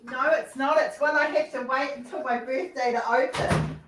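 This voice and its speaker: A woman's voice: high-pitched, steady tone, moderate pace, noisy background. A woman, hosting a casual live chat and telling rambling stories, often acting out what others said.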